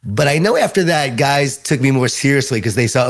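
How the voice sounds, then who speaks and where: Middle-aged guy w/ a long island accent, telling his story animatedly, middle pitch. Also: animated, fairly quick. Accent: Long Island New York. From Long Island, New York. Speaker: guest author. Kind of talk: storytelling interview answers.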